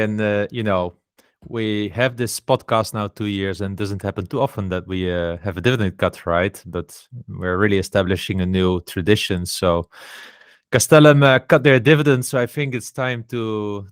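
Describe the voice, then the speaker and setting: Man, podcast co-host, low pitch, playful, dry studio sound. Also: normal speed, clear, resonant tone, no room sound. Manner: playful, frequent uh fillers. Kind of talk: casual chat.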